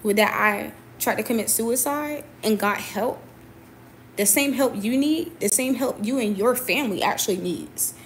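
A woman's voice: on the high side, normal speed, slight background noise. A young adult woman, a boxer, venting to camera in a confrontational, emphatic way, often repeating her points. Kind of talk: personal venting monologue.

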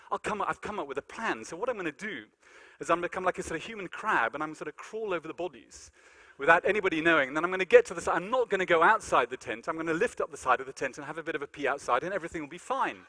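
Fast, bright, high-pitched man telling a story. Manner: animated, comic storytelling with acted-out quotes. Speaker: lecturer. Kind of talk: storytelling lecture. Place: large lecture hall.

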